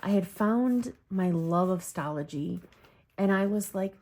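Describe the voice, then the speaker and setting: Close to tears, this Michigan woman chats personally about her journals, wandering off track, fixing her words, and filling gaps with ums. She speaks unhurriedly in a mid-range voice with a dark tone.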